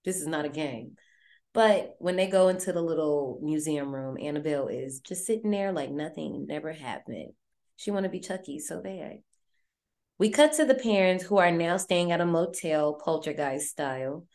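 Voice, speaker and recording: A woman with a lowish voice hosts a podcast, retelling a horror film in loose, chatty slang. She talks animatedly and swears freely. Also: lively intonation, moderate pace, a little mellow. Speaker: podcast host. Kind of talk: casual horror movie recap.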